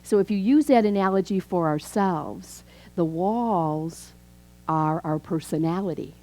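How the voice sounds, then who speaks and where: Low, mellow-voiced woman minister. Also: a little slow, rough recording. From Chicago. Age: 50s. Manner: chatty storytelling, acts out dialogue. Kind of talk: conversational sermon.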